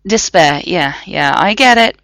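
A sardonic male officer with a dry, sarcastic delivery, as a woman reading a story voices him. The voice stays low with a gravelly grain, recorded dry and close. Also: expressive, a little slow, fairly bright tone, no room sound. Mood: wry.

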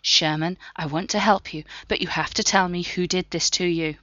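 A woman's voice: lowish voice, steady tone, moderate pace, fairly bright tone, no echo, lo-fi sound, close to an everyday voice. A woman voicing a determined female agent, asking urgent, pressing questions.

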